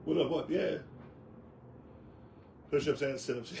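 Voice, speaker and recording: A man's voice: on the high side, a little slow, gravelly, a little mellow, slight background noise. Rambling man hosting a sports show. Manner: rambling, lots of fillers and restarts. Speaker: host. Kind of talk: casual sports talk show.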